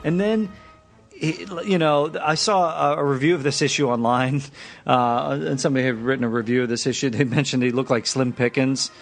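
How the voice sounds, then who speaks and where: A man co-hosting a podcast, giving relaxed, wry commentary on a comic. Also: mid-range voice, normal speed, creaky, faint music behind. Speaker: podcast co-host. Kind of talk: casual comic book discussion.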